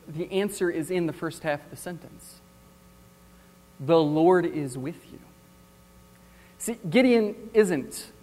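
High-voiced male preacher in a reverberant hall. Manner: animated storytelling with wry humor. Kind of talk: sermon.

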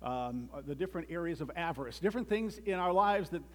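A man's voice: a little high, animated, fast talker. A man giving a conversational sermon with joking asides and frequent restarts, reading a children's story aloud as part of it.

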